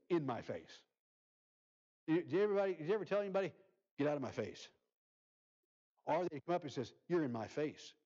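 A male pastor preaching a sermon, reading scripture aloud and swinging from loud emphasis to soft near-whispers. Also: a little high, muffled recording.

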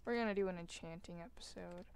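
A woman hosting a gaming video, chatting casually as she plays. She mocks herself and breaks into loud, excited exclamations. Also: lowish voice, quick pace, gravelly, clean tone. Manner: excitable, self-mocking, bursts into loud exclamations. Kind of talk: casual gameplay commentary. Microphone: desk microphone while gaming.

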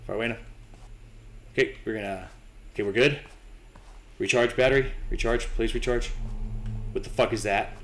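A man's voice: mid-range voice, fairly even intonation, moderate pace, long pauses, fairly bright tone, a little hiss or hum. A young man commentating his own horror game playthrough, nervous, swearing and talking to himself and to the game. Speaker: gaming channel host.

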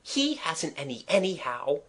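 A man's voice: a little high, very animated, measured pace, a bit bright, heavily acted. A man voicing a fussy, effusive female creature made of old clothes, in a storybook reading. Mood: confidential whisper. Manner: effusive, confidential whisper. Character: gushing female scarecrow-like creature, officious and gossipy.

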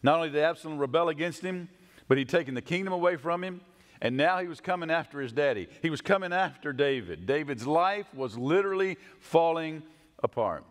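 A male pastor delivers an animated sermon, his voice pitched somewhat high. He swings up for emphasis and sinks low and slow on key words. The sound carries a long church reverb. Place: church sanctuary.

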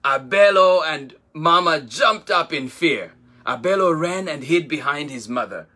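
A man reading a children's picture book aloud as a storyteller, in a slow and expressive manner. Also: on the high side.

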